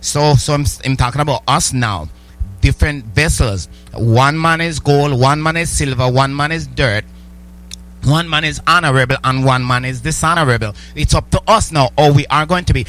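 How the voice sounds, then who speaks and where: A man preaching a sermon. His voice sits at an ordinary middle pitch. He often stumbles and repeats words as he builds his points, and he keeps asking his listeners questions. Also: normal speed, fairly bright tone, soft background music. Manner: repetitive stammering restarts, rhetorical questions to the congregation.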